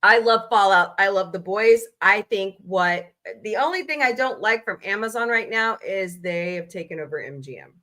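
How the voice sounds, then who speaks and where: A woman hosting a casual livestream from home, chatty and animated, reacting with quick outbursts. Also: mid-range voice. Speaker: livestream host.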